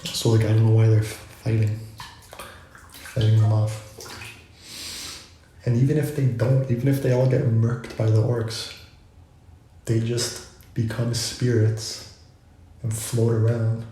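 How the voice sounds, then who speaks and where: A man's voice: mid-range voice, level tone, measured pace, pauses often, mellow, slight background noise. A man vlogging, musing in a loose, rambling way full of asides. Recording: very echoey room.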